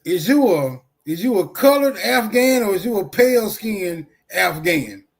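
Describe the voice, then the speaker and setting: A man runs a casual livestream, his voice sitting a little high. He talks loosely, swearing and teasing the callers as he goes. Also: expressive, measured pace, creaky. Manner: loose, profane, teasing banter. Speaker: livestream host.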